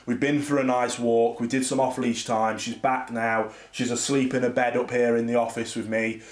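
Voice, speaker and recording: A man's voice: mid-range voice, little pitch movement, moderate pace. Rambling man in an echoey room. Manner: candid, rambling, frustrated venting. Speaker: dog trainer. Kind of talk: casual reflective vlog monologue. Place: home office. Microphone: camera across the room. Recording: roomy echo.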